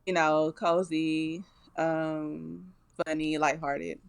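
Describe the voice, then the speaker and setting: A woman's voice: sits low, flat delivery, very slow, vocal fry, clear, resonant tone. A woman co-hosting a casual chat, retelling a cartoon and acting out the characters' lines. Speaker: podcast co-host.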